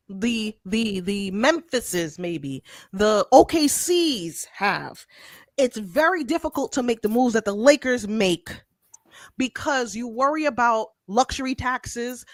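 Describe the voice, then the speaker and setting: Emphatic high-voiced woman. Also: dry recording. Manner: emphatic, insistent, explains slowly. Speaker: podcast co-host. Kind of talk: heated casual sports debate.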